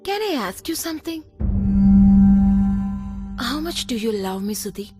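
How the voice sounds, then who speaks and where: A woman's voice: on the high side, sing-song, a little slow, over loud music. An actress playing an affectionate young wife who coaxes and teases her husband in dubbed film dialogue. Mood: tender. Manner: tender, coaxing.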